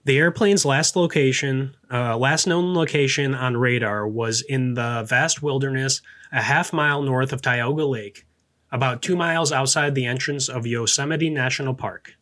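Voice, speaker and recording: A man hosting a podcast, reading a true-story script aloud, often tripping over words, restarting, muttering quick asides and drifting into casual commentary. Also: mid-range voice, fairly bright tone. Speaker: podcast host.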